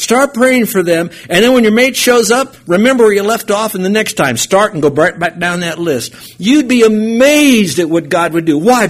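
A man preaching a sermon with a husky voice, telling stories and breaking into animated bursts of emphasis. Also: sits high.

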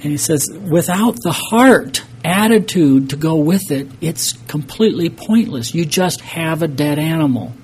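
A man's voice: fairly high pitch, animated, measured pace, few pauses, darkish tone, a little hiss or hum. A man preaching a sermon, earnest and emphatic, reading scripture and explaining it to a congregation. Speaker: pastor.

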